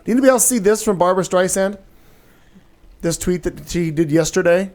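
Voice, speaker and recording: A man's voice: high-pitched, fairly quick, darkish tone. An American man co-hosting a talk show, steering the casual chat to the next segment. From United States. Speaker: podcast co-host.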